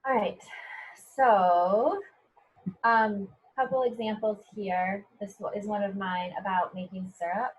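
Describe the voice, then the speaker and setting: A woman's voice: medium pitch, steady tone, slow, husky. A middle-aged American woman, a poet and professor, teaching a poetry workshop over a video call in a conversational way, often checking in with "right?". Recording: dull lo-fi video call audio.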